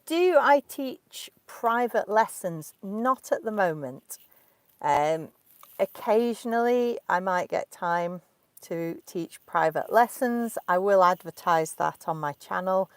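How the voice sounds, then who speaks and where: A woman in her thirties with a Derbyshire accent, an English teacher answering questions from learners in slow, clear speech, recorded inside a parked car. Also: medium pitch, lively intonation, no room sound. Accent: Derbyshire English, clearly spoken. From Derbyshire, England.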